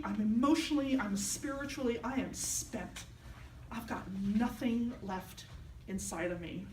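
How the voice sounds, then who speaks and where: Woman pastor telling a personal story in a sermon, highish voice, mic a bit far off in an echoey church. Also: slight background noise. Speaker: minister. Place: church sanctuary. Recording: echoey hall, mic at a distance.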